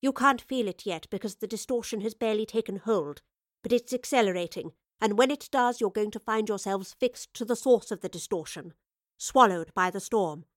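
A woman voicing a calm, learned female professor who explains things in a quiet, measured voice. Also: mid-range voice, dry recording, clean studio sound, close to an everyday voice. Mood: quiet, grave.

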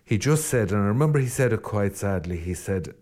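A man's voice: on the low side, animated, a little fast, darkish tone. An Irish man, a Catholic priest, giving an earnest, rambling podcast reflection with self-deprecating asides.

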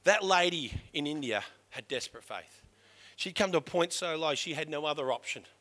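A middle-aged man preaching a sermon to his church, impassioned, swinging between loud urging and hushed emphasis. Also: fairly high pitch, animated, moderate pace. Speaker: pastor.

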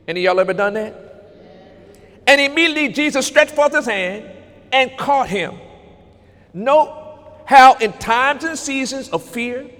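A man's voice: very high voice, measured pace, fairly bright tone, big-room sound. A man preaching a sermon in a church, calling out to the congregation and quoting scripture. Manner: preaching with call-and-response to congregation. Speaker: pastor.

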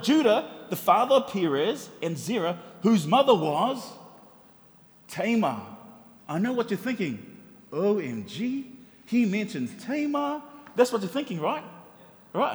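Middle-aged guy preaching, high voice, jokey and animated, long church reverb. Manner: animated, humorous storytelling with rhetorical questions. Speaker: pastor. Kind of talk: sermon.

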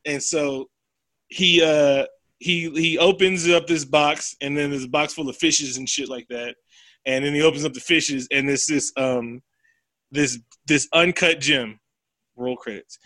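A man with a bright, forceful voice tells a film's story in loose, profane chat. He slips into the characters' lines as he goes. The sound is dry and close. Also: fairly high pitch, measured pace, dry recording. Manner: animated, profane storytelling with acted quotes. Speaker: podcast co-host. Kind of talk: casual chat, retelling a film plot.

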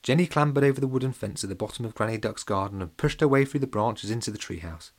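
A man narrating a children's audiobook in a playful, animated storytelling way, speaking directly to the young readers. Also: mid-range voice, fast.

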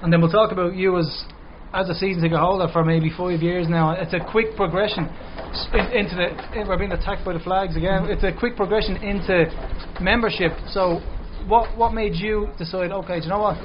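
A man interviewing fans outdoors, prodding them with quick questions. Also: high voice, steady tone. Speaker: segment presenter. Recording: dull audio with loud noise.

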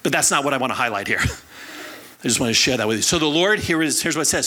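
A pastor preaching a sermon to his congregation, telling stories with lively acted voices and calling on the listeners to respond. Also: mid-range voice, fast talker. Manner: animated storyteller, acts out quoted people; calls on the congregation to answer.

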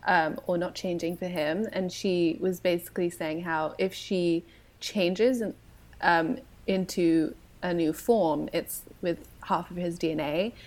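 A woman's voice: fairly low pitch, steady tone, measured pace, darkish tone. A woman co-hosting a podcast, talking dryly and giving firm opinions in casual chat. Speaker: podcast co-host.

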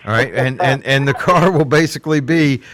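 Animated man telling stories. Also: mid-range voice, fairly quick, slight background noise. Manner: animated storyteller, laughs often. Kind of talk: casual group chat.

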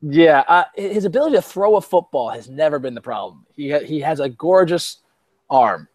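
A male podcast host chatting about sports in a casual, rambling way, often restarting his sentences. His voice sits a little high for a man, and it sounds dry and close to the mic. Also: lively intonation, a little fast, a little mellow, no echo. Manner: chatty, many restarts, laughs easily.

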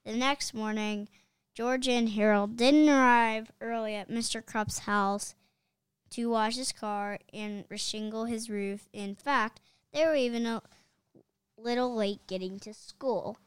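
Woman reading a kids' book aloud, expressive, slightly high voice, very slow pace. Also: smooth. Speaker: reader.

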